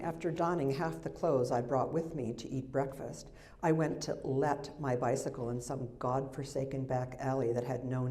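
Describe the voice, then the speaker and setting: Speaking into a handheld or stand microphone at a library event, this older author from the United States reads her memoir aloud. She has a low, dark voice and breaks off now and then for dry, conversational comments.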